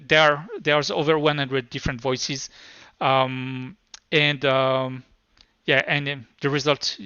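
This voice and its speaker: A man with a thick French accent presents at a tech conference, his explanations halting and full of restarts. His voice is bright and forward, heard dry and close with a slightly dull, muffled tone. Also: medium pitch, dry recording. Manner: hesitant, stop-start explaining. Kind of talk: live technical presentation.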